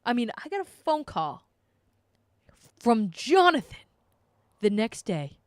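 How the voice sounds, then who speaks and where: A woman streamer telling a story to her live chat in a casual, animated way, swearing freely and sounding exasperated. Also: a little high, slow, no room sound, clean studio sound.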